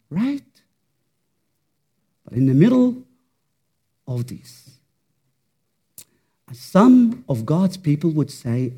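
A man's voice: on the high side, very animated, slow pace, pauses often, warm tone, slightly rough. A man preaching a sermon, fervent and rhetorical, repeating words for emphasis.

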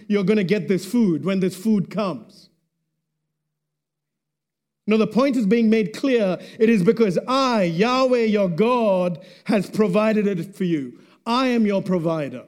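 A man preaching a sermon, slow and deliberate, letting his voice drop low and quiet at the end of phrases. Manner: slow and deliberate, dropping to a hush at phrase ends.

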